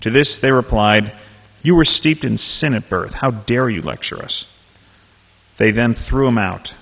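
A man's voice: mid-range voice, expressive, unhurried, a bit bright. A man leading a Bible study, talking casually and then reading a scripture passage aloud with animation. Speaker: Bible teacher. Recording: dull sound in a reverberant hall.

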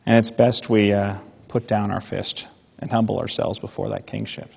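A man preaching a sermon in an animated way, with mock-indignant asides. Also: fairly low pitch, moderate pace, creaky, a little hiss or hum. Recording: dull sound in a reverberant hall.

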